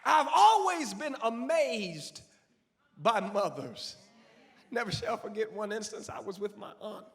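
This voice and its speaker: A male pastor preaching a sermon dramatically, swinging from hushed tones to shouts. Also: sits high. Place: church sanctuary. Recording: long church reverb.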